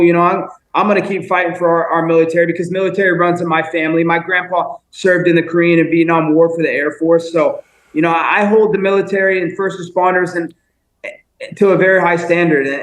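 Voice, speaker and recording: Blunt male guest, slightly high voice, emphatic, echoey remote line. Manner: blunt, emphatic, repeats himself. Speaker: guest fighter. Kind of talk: call-in interview.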